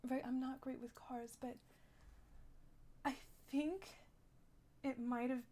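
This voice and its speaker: A woman's voice: high voice, fairly even intonation, takes it slowly, mellow. A young woman telling a rambling, shaken story in character during a role-play game, full of "like" and restarts.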